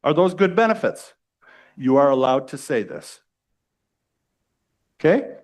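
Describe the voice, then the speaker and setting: A middle-aged man from the United States giving a live sales training to a room, energetic and pushy, often checking in with the audience. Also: medium pitch, a little slow. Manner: energetic, salesy, keeps asking "right?".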